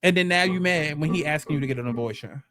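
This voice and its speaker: A man's voice: on the high side, fast, crowd noise. A man hosting a storytime commentary, ranting bluntly with profanity, sarcastic questions and repeated phrases. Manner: exasperated, sarcastic rhetorical questions. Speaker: commentary host.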